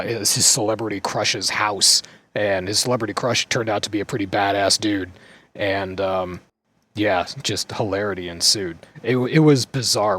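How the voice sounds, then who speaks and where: A man with a lowish voice chats loosely on a gaming podcast. He rambles and jokes, often restarting his sentences. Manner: rambling, jokey, with filler restarts. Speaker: podcast co-host. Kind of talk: casual gaming podcast chat.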